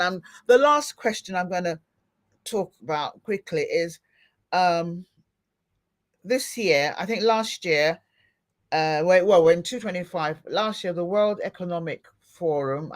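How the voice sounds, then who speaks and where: A middle-aged woman hosting a podcast, chatting casually and acting out little scenes as she talks. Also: fairly low pitch. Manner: animated, expressive, acts out little scenes. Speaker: podcast host. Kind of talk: casual interview chat.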